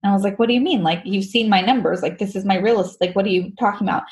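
Talking very fast in a mid-range voice, a woman shares her own story openly as a guest. She's lively, often breaks into laughter and performs the lines of dialogue she quotes.

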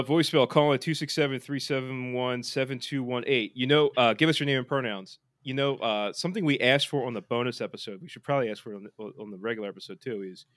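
Male podcast co-host, mid-pitched and loose, rambling sports banter, dry room. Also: a bit bright, no echo. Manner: rambling, many fillers and restarts. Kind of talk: casual sports chat.

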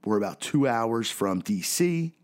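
A man's voice: mid-range voice, expressive, unhurried. A man with a Philadelphia accent hosting a podcast, talking casually and often checking in with "right?" and "okay?". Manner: chatty, frequent "right?" and "okay?" check-ins. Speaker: podcast host.

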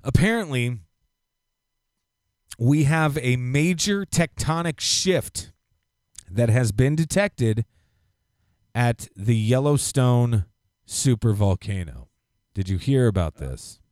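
A man co-hosting a podcast, ranting in a casual, profane, animated way. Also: mid-range voice, slow pace, long pauses, no echo, clean studio sound. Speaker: podcast co-host. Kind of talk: casual chat.

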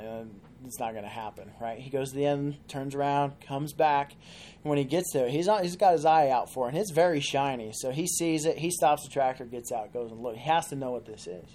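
A man as a podcast guest, telling a long joke in an animated, casual way. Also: mid-range voice, slight background noise. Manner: animated storyteller.

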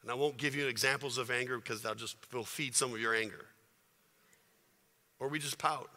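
A man preaching a sermon to his congregation, chatty and full of rhetorical questions, building to forceful passages. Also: mid-range voice, normal speed, pauses often. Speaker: pastor. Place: church sanctuary. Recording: reverberant hall.

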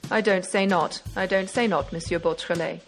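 A woman reading aloud as an excitable older male magistrate, given to indignant outbursts. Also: fairly low pitch, normal speed, faint music behind, close to an everyday voice. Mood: wry.

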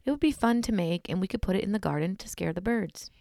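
Woman reading as herder Thomas, creaky. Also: medium pitch, expressive, fast, warm tone, dry recording, studio quality, pitched above the performer's own voice. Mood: scheming. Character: grumpy cattle herder Thomas, man.

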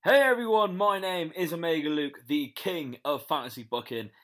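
A man's voice: a little high, animated, normal speed, fairly bright tone, faint music behind. A young British man with a British accent, upbeat and promotional as a guest pick on a wrestling podcast. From Britain. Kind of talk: pre-recorded podcast segment.

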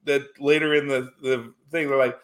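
In a casual film-review chat on a podcast, this male co-host talks with lots of fillers and false starts. He speaks at a medium pitch, evenly and at normal speed.

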